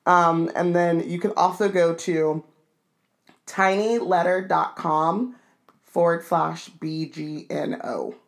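Animated, slangy woman podcast co-host. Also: fairly low pitch, slow. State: cold. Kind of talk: casual chat.

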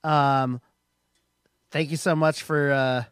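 A relaxed male podcast host reacts to his guest with easy laughter and casual swearing. His slightly raised voice sounds dry and close, with no room around it. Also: on the high side, takes it slowly, clean tone, no echo. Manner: laid-back, laughs along, profane. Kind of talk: casual chat.

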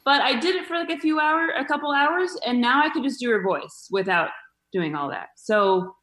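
A woman's voice: sits high, lively intonation, normal speed, fairly bright tone. Woman comedian guest, casual and rambling, fillers galore, echoey room. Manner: chatty, lots of fillers and restarts. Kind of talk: casual podcast chat.

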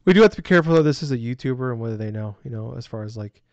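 A man co-hosting a casual podcast, self-deprecating and halting with many fillers. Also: mid-range voice, animated, a little mellow, no echo, muffled recording. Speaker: podcast co-host.

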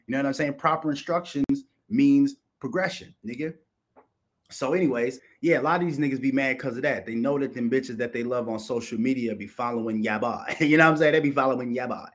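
A man's voice: mid-range voice, brisk. A man hosting a live stream and talking to his chat in a brash, boastful, profane way, laughing often. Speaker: livestream host.

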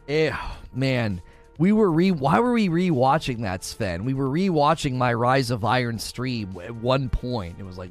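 A man in his forties chatting casually with viewers on a livestream, telling stories in an animated, laughing way. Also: medium pitch, a little slow, soft background music. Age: 40s.

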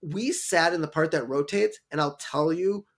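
A male podcast co-host with a slightly high voice chats casually at a moderate pace. He retells scenes, using plenty of filler words.

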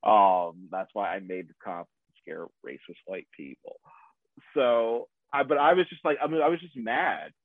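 A man's voice: on the low side, normal speed, no echo. A man telling a personal story in casual chat, laughing often, swearing freely and poking fun at himself. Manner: profane, laughing, self-deprecating. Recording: dry tinny phone-like sound.

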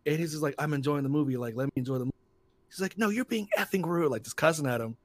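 A man co-hosting a casual podcast chat, telling stories and acting out quotes in loud put-on voices. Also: fairly high pitch, racing, no echo. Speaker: podcast co-host.

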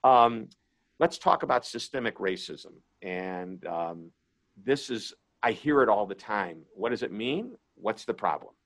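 A man's voice: on the low side, animated, unhurried, a bit bright. A man hosting the talk, telling a rambling, self-deprecating story in a casual way.

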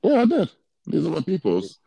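A man's voice: a little high, wildly swooping pitch, normal speed, gravelly, dark tone, breathy edge, no echo. A man co-hosting a casual chat, talking in a laid-back, rambling way with fillers, sounding a little congested. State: congested, under the weather. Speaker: podcast co-host.

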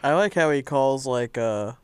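Rambling man with a lively voice. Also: mid-range voice, normal speed, clean tone, no room sound. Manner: rambling, lots of fillers like "like". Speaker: podcast co-host. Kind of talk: casual chat with friends.

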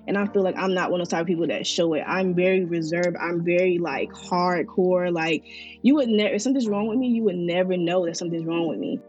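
A young woman tells her own story in a candid, earnest way, pausing often with casual fillers. Her voice sits a little low. Soft music plays faintly beneath her words. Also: highs cut off. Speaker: interviewee sharing her story.

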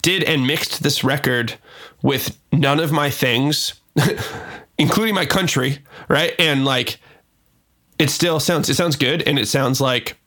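A man's voice: fairly high pitch, slow, sharp tone. An American man, a record producer, talking loosely and profanely in a casual podcast chat. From United States. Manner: loose and profane, many fillers.

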